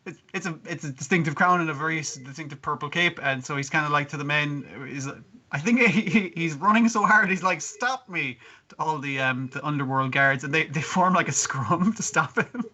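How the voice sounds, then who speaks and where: Man, podcast co-host, very bright sharp voice, slightly high pitch, swearing casual storyteller. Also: brisk, highs cut off. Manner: swearing, laughing storyteller who quotes characters. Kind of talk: casual chat recapping an anime episode.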